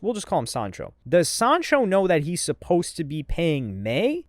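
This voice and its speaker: A man's voice: on the high side, no room sound. Sarcastic chatty male commentary host. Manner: sarcastic, chatty, jumps between dry asides and loud reactions. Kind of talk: casual commentary reading messages.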